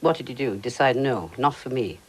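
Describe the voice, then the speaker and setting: Low, lively-voiced woman interviewer. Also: fairly quick, slightly rough. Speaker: radio interviewer. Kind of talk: interview questions.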